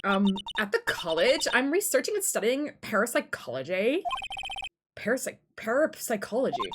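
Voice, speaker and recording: A woman's voice: fairly high pitch, big pitch swings, noisy background. Woman doing a ditzy Valley Girl student. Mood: bubbly ditzy. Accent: put-on Valley Girl. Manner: lots of "like" and "um", halting.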